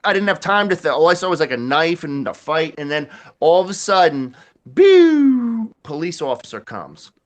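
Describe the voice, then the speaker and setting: A man's voice: on the high side, animated, fairly quick, few pauses, a bit bright. A man, telling a rambling, profane story in casual chat, laughing often. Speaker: podcast host.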